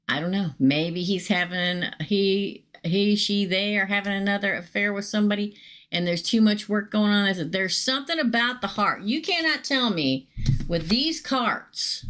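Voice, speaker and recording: A woman's voice: mid-range voice, fairly bright tone. A middle-aged woman giving live tarot readings to viewers in a chatty, emphatic way. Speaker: tarot reader.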